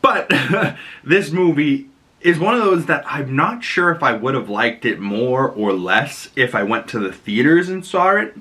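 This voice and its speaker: A young man reviews a movie in a loose, rambling, chatty way and laughs at his own tangents. His voice is bright and forward. He fills the talk with lots of "you know" and "like". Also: medium pitch, very animated, unhurried.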